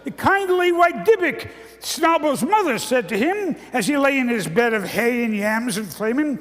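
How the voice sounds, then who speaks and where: A man putting on the voice of an ancient, frail old rabbi who rambles through a nonsense parable in a high, quavering voice. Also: lively intonation, moderate pace, fairly bright tone, long reverb tail. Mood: solemn.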